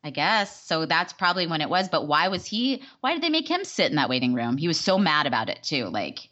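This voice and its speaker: Bright-voiced woman telling rambling stories. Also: sits low, big pitch swings, brisk, muffled recording. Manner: rambling storyteller, laughs often. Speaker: podcast co-host. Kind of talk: casual chat.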